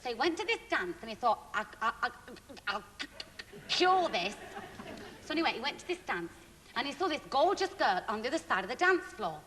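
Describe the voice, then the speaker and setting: A woman's voice: sits high, very animated, fast talker, slight background noise. A woman guest on a TV variety show, telling rude jokes and giggling through them. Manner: giggly, breaks into laughter mid-joke. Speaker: comedy guest. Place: TV studio with live audience. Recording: studio hall with loud audience laughter.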